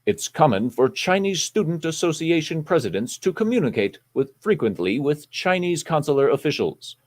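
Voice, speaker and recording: Brief: man, slightly high voice, lively swooping delivery, mock news-anchor reading on a live stream. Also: moderate pace. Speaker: co-host reading a news article aloud.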